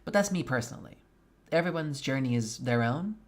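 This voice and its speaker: A man streaming a game, chatting casually with his viewers, candid and quick to swear. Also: mid-range voice, lively intonation. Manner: candid and profane, venting frankly. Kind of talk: casual chat with live viewers.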